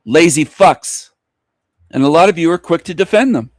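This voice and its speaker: A man's voice: fairly high pitch, animated, moderate pace, dry recording, studio quality. A man ranting angrily and with contempt in a profane monologue to his channel. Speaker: channel host.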